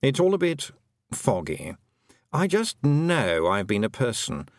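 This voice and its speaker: A man's voice: mid-range voice, wildly swooping pitch, a little slow, no room sound, clean studio sound. Man playing a fretful talking toad. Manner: fretful, rambling musings. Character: anxious male enchanted toad, once human.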